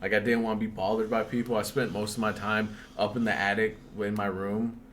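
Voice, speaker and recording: A man's voice: on the low side, flat delivery, brisk, fairly bright tone, slight background noise. A young man casually telling a spooky story on a podcast, swearing often and breaking into laughs.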